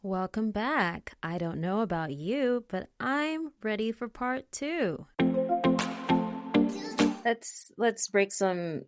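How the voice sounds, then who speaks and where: A woman hosting a podcast, talking in a bubbly, animated way. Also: medium pitch, slow pace, faint music behind. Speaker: podcast host. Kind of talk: podcast host talk.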